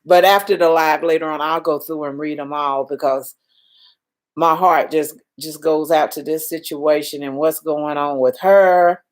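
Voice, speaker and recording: Older woman, live stream host, slow unhurried talk, somewhat low voice, emotional, reassuring. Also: fairly even intonation. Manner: emotional, reassuring, reads viewer comments aloud. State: shaken, calming down. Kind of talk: casual live stream chat.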